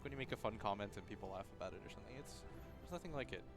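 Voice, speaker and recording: A man's voice: lowish voice, animated, rapid-fire, music in the background. A man commentating a live esports match, talking in an eager, self-deprecating way.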